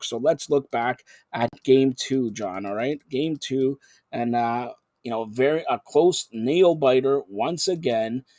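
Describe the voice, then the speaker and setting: A male sports talk host with a middle-pitched voice, rattling through scores and schedules in a loose, rambling announcer style. His voice sounds close and dry, with no room around it. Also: darkish tone, no echo.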